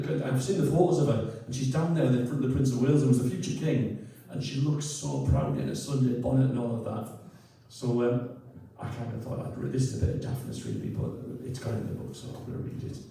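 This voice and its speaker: A man's voice: medium pitch, dark tone. Rambling man in an echoey room. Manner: chatty, hesitant, self-deprecating, chuckles often. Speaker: poet and storyteller introducing a tune. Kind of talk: rambling spoken introduction. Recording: echoey room, mic far off.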